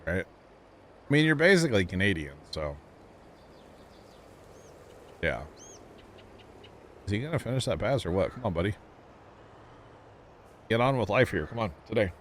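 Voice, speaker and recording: A man's voice: fairly low pitch, a little hiss or hum. A man chatting casually with his viewers while streaming a game, talkative and self-teasing, laughing often.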